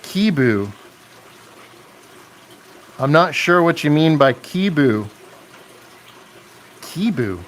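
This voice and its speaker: Slow-talking man hosting a live stream. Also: a little high, sing-song. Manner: chatty, reads and answers viewer comments, laughs often. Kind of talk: casual live stream chat.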